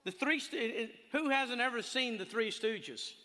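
A man preaching a sermon in a folksy, animated way, telling stories and laughing along with them. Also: extremely high pitch, normal speed. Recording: long hall reverb.

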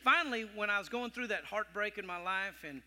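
A man's voice: high voice, expressive, a little fast, pushed and bright, in a large hall. A middle-aged man with a Texan accent, a pastor preaching a sermon with impassioned, heartfelt storytelling. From Texas.

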